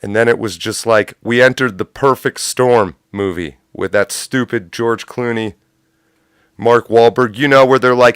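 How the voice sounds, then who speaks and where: A man's voice: mid-range voice, unhurried, fairly bright tone, smooth, no echo, studio quality. Profane ranting livestream host, man. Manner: profane, sarcastic, rambling. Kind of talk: unscripted livestream rant.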